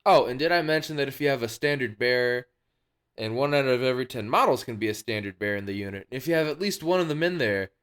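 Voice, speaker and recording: A man hosting a wargaming channel, talking casually and playfully, with jokey announcer-style moments mixed into relaxed commentary. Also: mid-range voice, quick pace, smooth.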